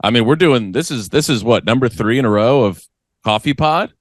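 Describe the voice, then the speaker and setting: A man's voice: mid-range voice, lively intonation, a little fast, no echo, clean studio sound. A man co-hosting a comedy podcast, riffing and teasing playfully. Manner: joking riffs, playful teasing. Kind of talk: casual chat.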